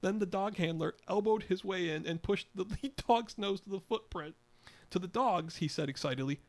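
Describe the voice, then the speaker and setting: A man's voice: high-pitched, normal speed. An older man in his eighties reading his own memoir story aloud, wry, chuckling now and then. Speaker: podcast storyteller.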